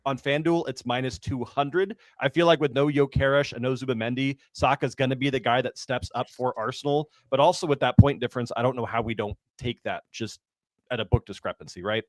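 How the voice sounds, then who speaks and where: A man giving soccer betting picks in a relaxed, hedging way, chatting casually with his panel. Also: medium pitch, brisk, dry recording. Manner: relaxed, hedging, laughs easily. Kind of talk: casual sports betting chat.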